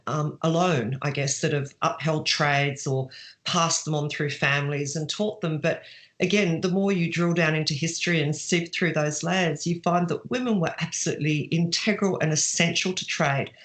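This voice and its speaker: A woman's voice: low voice, a bit bright. Chatty woman author telling stories. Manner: chatty, with fillers and restarts, laughs while telling stories. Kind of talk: casual interview answers.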